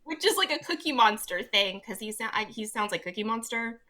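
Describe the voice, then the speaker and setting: A woman co-hosting a podcast, chatting casually with quick jokes and animated asides. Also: a little high. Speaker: podcast co-host. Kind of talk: casual chat.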